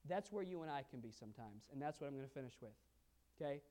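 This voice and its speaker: Male pastor preaching, super animated, asks the crowd stuff, goes quiet then loud. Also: medium pitch, fast. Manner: animated, asks the audience questions, swings from quiet asides to loud emphasis. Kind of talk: sermon.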